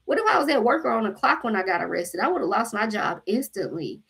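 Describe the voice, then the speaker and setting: A woman with a husky, breathy voice talks straight to her viewers in a casual, animated way. She swears freely and acts out what everyone said, at a mid pitch for a woman. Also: fast talker. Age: adult mother. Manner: animated, profane, acts out quotes. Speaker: spiritual channel host.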